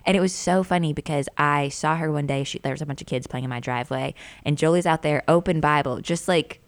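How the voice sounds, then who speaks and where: Brief: woman, 30s, low voice, chatty podcast co-host, lively storyteller who acts out dialogue. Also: quick pace. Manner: animated storyteller, acts out quotes, frequent "like". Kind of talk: casual chat.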